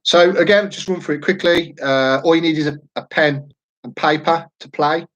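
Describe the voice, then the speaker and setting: A man's voice: on the high side, moderate pace, a bit bright, rough recording. Man, thirties, easygoing online quiz host, rambles and jokes. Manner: chatty, jokey, rambling asides. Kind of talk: casual live-stream chat.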